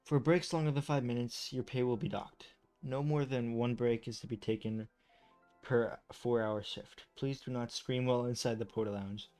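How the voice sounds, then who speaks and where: Reading game lore with casual commentary, this man keeps tripping over words, restarting, and breaking off into self-deprecating chatter. He speaks in a mellow mid-range voice with fairly even intonation, brisk and hardly pausing, over soft background music.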